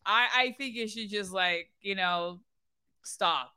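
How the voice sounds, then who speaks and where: A woman co-hosting a comedy news podcast, chatting playfully with quick asides. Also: mid-range voice, bright, forceful tone, clear, resonant tone, dry recording, clean studio sound. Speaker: podcast co-host. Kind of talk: casual comedic news chat.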